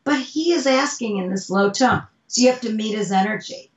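A woman's voice: a little high, fairly quick. A woman who works as a speaking coach, chatting in an interview and acting out bits of dialogue as she tells stories. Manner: animated storytelling, acts out dialogue. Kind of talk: casual interview chat. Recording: roomy, distant, dull sound.

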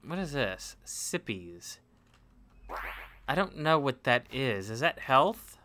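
A man playing through a game while commenting, chatty and excitable, yelping and laughing when things surprise him. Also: medium pitch, measured pace, slight background noise. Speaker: gamer. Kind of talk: let's play commentary.

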